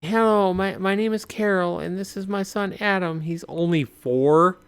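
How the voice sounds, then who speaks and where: A man putting on a high pleading woman's voice. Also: normal speed, smooth. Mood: desperate. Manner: high pleading voice, read aloud. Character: desperate pleading woman outside a shelter.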